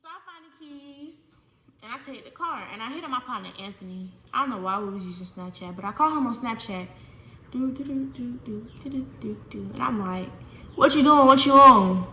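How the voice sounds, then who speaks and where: Chatty young woman telling a story, bright and echoey. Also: a little high, a little fast. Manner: animated, chatty, addresses viewers as y'all. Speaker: vlogger. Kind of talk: casual storytime. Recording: echoey room with faint noise.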